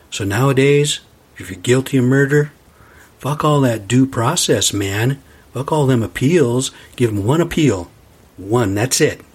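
A man's voice: medium pitch, darkish tone, breathy edge. A man hosting a solo podcast and rambling into a profane, ranting monologue. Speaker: podcast host.

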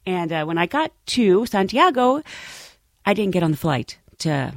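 A woman spinning airline and travel tales, laughing as she goes. Her pitch jumps around a lot as she tells the story. The sound is dry and close, with little room echo. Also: very animated, measured pace. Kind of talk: casual storytelling.

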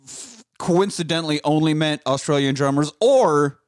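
An Austin man with a higher-pitched voice recaps a movie to a friend at a moderate pace, rambling and swearing freely and breaking into quoted lines in silly voices. The studio-quality recording has no room sound.

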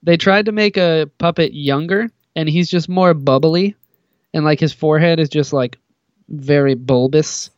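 A man's voice: a little high, normal speed, dry recording, muffled recording. A man co-hosting a podcast in casual chat, talking enthusiastically and emphatically, with big leaps on key words. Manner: enthusiastic, emphatic fan talk with big swings. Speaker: podcast co-host.

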